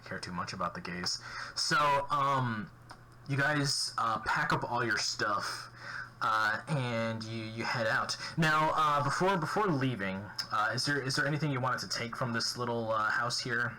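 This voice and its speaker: A man narrating a tabletop role-playing game as game master, halting with many fillers and restarts. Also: medium pitch, sharp tone, poor audio. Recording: faint background noise.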